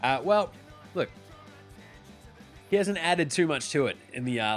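A man's voice: medium pitch, expressive, measured pace, pauses often, faint music behind. An Australian man hosting a casual sports podcast, talking loosely and swearing freely with a lot of slang. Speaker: podcast host.

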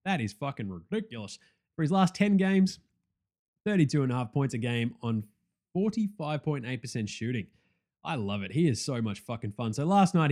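A young man hosting a casual sports podcast, excitable and profane, joking and swinging between loud outbursts and quieter asides. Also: medium pitch. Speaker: podcast host.

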